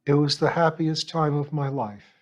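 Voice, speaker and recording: A man voicing a guarded young man who answers quietly and plainly, with short, matter-of-fact replies. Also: medium pitch, moderate pace, natural voice.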